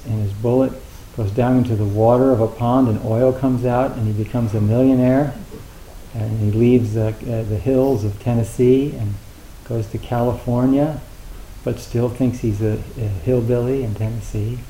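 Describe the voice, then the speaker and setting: A middle-aged American man giving a dharma talk as a Zen teacher, in a loose, halting, conversational way with many fillers and a wry, gentle humor. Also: medium pitch, fairly even intonation. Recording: roomy hall with faint hiss.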